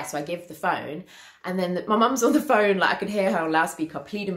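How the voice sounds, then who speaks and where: A British woman in her twenties telling a personal story in a casual, animated way, acting out what people said. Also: fairly low pitch, fast, reverberant. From United Kingdom. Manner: animated, acts out quotes, laughs often. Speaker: vlogger.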